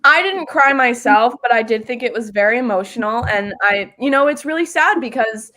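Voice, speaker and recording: A woman's voice: a little high, animated, moderate pace, bright, forceful tone. A woman hosting a casual fan discussion over a video call, earnestly explaining at length. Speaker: show host.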